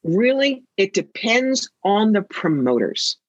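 A husky, breathy-voiced woman talking as a guest psychic, sassy and theatrical as she tells her stories. The sound is dry and a bit muffled, like a lo-fi recording. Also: medium pitch, very animated, slow, no room sound. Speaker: psychic and author. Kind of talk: interview conversation.

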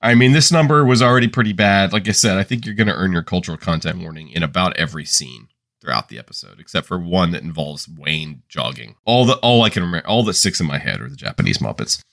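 A man's voice: sits low, lively intonation, quick pace, creaky, fairly bright tone. A man co-hosting a podcast, wryly recapping an episode in casual chat. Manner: recapping, wry. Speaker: podcast co-host.

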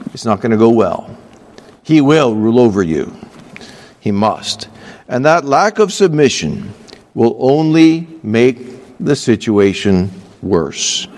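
A man's voice: medium pitch, long reverb tail. A man preaching a sermon from a church pulpit, earnest and emphatic, with offhand asides. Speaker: pastor.

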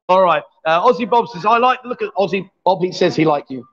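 A man's voice: high-pitched, a bit bright, dull audio. A man hosting a live stream, chatting casually and teasing his guests. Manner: joking, teasing.

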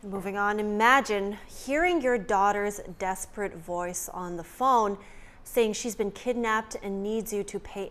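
A woman anchoring a morning newscast, introducing stories in a polished, measured way. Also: mid-range voice. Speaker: news anchor. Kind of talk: newscast presenting.

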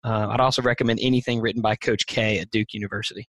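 A man's voice: fairly low pitch, steady tone, fast, fairly bright tone. Earnest man, thoughtful with many fillers. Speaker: guest, teacher and speaker. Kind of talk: podcast interview answers.

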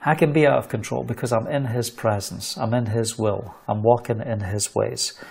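A man's voice: mid-range voice, normal speed, gravelly, slightly rough. A middle-aged man from the United Kingdom preaching a sermon, telling a story and acting out the voices of the people in it. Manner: animated, acts out quoted voices in storytelling.

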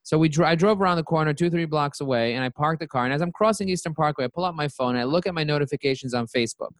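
A man's voice: on the high side, rapid-fire, no echo. A man, a company CEO, telling his story as an interview guest and acting out his own quoted lines.

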